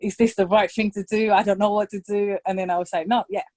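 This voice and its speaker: A woman's voice: medium pitch, fast talker. A woman telling a story in casual chat, acting out the voices and dropping into phrases. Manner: animated storytelling, acts out voices, code-switches to Spanish. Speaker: podcast guest.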